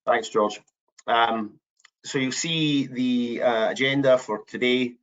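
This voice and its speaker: A man's voice: medium pitch, takes it slowly, fairly bright tone. A man hosting a business webinar, hesitant, with frequent ums and restarts. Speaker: webinar host. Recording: dull lo-fi online call audio.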